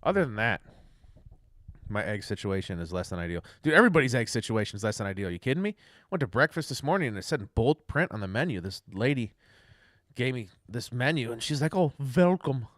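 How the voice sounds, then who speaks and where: A man's voice: mid-range voice, very animated, quick pace, a bit bright, no echo, clean studio sound. A young man rambling casually through a livestream rant, loose, chatty and profane. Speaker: livestream host.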